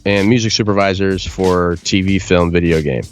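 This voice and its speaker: A man's voice: sits low, normal speed. Blunt, profane male music producer. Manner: blunt, profane, animated explaining with mimicked voices. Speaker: podcast guest, music producer. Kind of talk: casual podcast chat.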